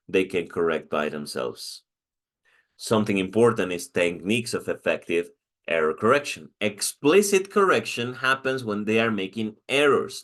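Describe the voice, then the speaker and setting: A man with a Mexican accent, Spanish his first language, delivering a recorded lecture to teachers in training. His voice sits on the low side, and he explains step by step, restarting phrases and checking understanding with "okay?". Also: fairly bright tone.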